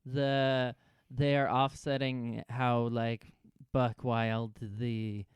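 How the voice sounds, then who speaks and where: A man's voice: mid-range voice, level tone, extremely slow, clear, resonant tone, no room sound. A young adult man co-hosting a podcast, analyzing thoughtfully and hedging as he goes. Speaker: podcast co-host. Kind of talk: casual chat.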